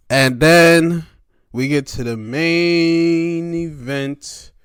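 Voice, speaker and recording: A man's voice: a little high, extremely slow, clear, resonant tone. A man hosting a podcast, casually recapping wrestling matches with lots of sighs and swearing. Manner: animated, swearing, frequent sighs. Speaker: podcast host.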